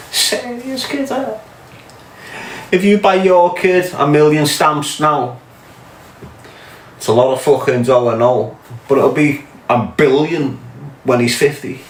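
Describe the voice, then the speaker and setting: Sweary Scouse man, casual livestream chat. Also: medium pitch. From England. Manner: swears a lot, loose storytelling, greets viewers. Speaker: livestream host. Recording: echoey room with music behind.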